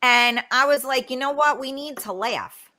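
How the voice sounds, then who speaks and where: A woman's voice: high voice, normal speed, bright, forceful tone. A woman hosting a live talk show over a video call, speaking with a regional American accent. She talks bluntly, swears freely and giggles between lines.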